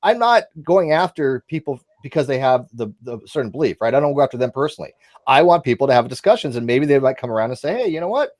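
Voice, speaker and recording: Give me a quick, animated man chatting over a video call, his voice swinging high and low, dry close sound. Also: dry recording. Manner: animated, quick, laughing, self-interrupting. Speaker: host. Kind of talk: casual online debate chat.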